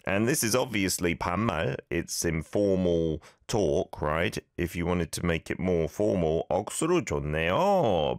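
A man's voice: low-pitched, no echo, studio quality. A man hosting a radio show, teaching listeners Korean phrases in a chatty, friendly way and laughing along with their clips.

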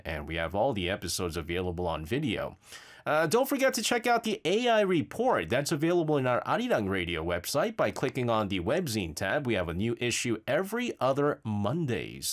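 A man hosting a radio show, chatting casually and reading listener messages, with lots of fillers and stammers. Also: medium pitch. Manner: lively, rambling, frequent fillers and stammers. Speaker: radio host. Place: radio studio.

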